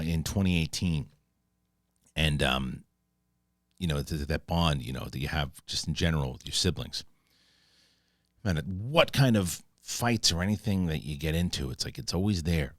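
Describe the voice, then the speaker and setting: Low-voiced man recapping a show, profane. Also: dry recording, studio quality. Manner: profane, acts out scenes in quick paraphrased quotes; rambling with restarts when moved. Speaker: film and TV reviewer. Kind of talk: casual spoiler review recap.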